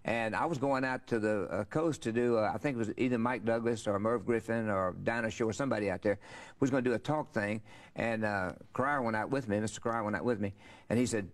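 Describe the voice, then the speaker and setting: An older man, a country singer appearing as an interview guest, spins rambling, folksy stories full of fillers in a casual storytelling interview. His voice is lowish, and he talks fast.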